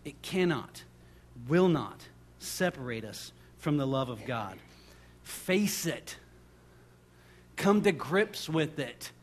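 A man with a fairly high-pitched voice delivers a sermon as a pastor. He reads scripture with deliberate, slowed emphasis and swings between fervent, loud declarations and quiet, intimate asides. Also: very animated. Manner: reads scripture aloud with deliberate slowing on key words.

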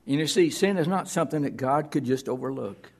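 A man's voice: mid-range voice, lively intonation, fairly quick, gravelly, a little mellow. A man preaching a sermon as pastor, plain-spoken and earnest, reading scripture aloud.

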